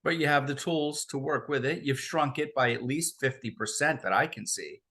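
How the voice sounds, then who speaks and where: A man hosts a relaxed interview and mostly chimes in with brief supportive remarks. His voice sits at an ordinary middle pitch, and he sometimes adds short explanations. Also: moderate pace. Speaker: interview host. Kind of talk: casual interview conversation.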